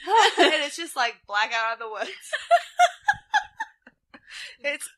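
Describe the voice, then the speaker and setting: Lively bright-voiced woman storyteller. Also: fairly high pitch, takes it slowly. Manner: animated storytelling, acts out quotes, laughs a lot. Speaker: podcast co-host. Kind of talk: casual chat recapping a wrestling show.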